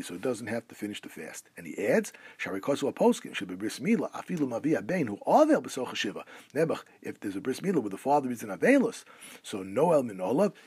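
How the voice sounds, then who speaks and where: A man's voice: mid-range voice, a little mellow, husky, no echo. A man teaching a class on Jewish law, reading rabbinic phrases aloud and then translating them. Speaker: Torah teacher.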